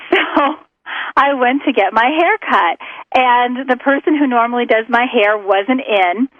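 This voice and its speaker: Lively laughing woman telling stories. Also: on the high side, a little slow, no echo, dull audio. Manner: animated storyteller, laughs often, acts out quotes. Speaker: guest author. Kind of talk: casual interview chat.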